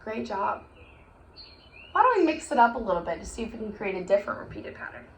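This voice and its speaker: A woman's voice: mid-range voice, big pitch swings, quick pace, vocal fry. A young woman teaching a recorded music lesson to children, chanting rhymes in an encouraging, sing-song voice. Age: young adult. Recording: echoey room with faint hiss.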